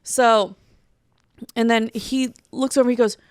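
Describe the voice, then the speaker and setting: A young woman in her twenties, co-hosting a casual chat and telling a profane, animated story with acted-out quotes. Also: on the high side, measured pace, clean tone, no echo, clean studio sound. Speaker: co-host.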